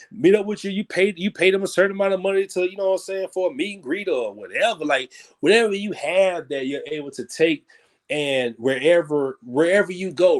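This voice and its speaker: Rambling, casual man talking shop. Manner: loose, rambling, peppered with "you know what I'm saying"; grows animated and higher when making a point. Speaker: guest musician. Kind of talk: casual interview talk.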